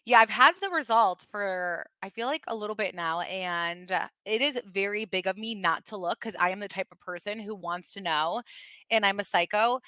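A woman in her thirties hosts a casual podcast, talking in an excitable, chatty way. Her voice is bright and a little forceful. It is recorded close up in a dry space. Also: medium pitch, moderate pace, no room sound. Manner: chatty, excitable, laughs often. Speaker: podcast host. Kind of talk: casual chat.

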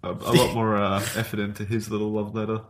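A man's voice: fairly low pitch, level tone, fast. A man with an Australian accent co-hosting a podcast, making dry, wry remarks. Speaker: podcast co-host. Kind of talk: casual chat.

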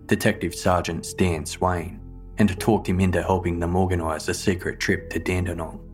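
A man narrating a true-crime story in a measured, grave, scripted manner. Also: low-pitched.

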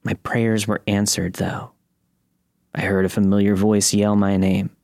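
A man narrating a first-person horror story in a steady, measured reading. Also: fairly low pitch, no room sound, clean studio sound.

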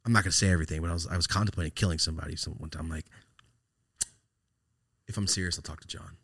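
A man's voice: deep voice, fairly even intonation, rapid-fire, a bit bright, slightly rough. A man, casually telling a story as a podcast host, rambling and profane with lots of "like". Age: late 20s.

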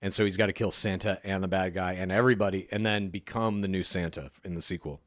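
A man co-hosting a podcast in casual chat, easygoing, laying out ideas like a story pitch. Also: steady tone, fast talker, no echo, studio quality. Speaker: podcast co-host.

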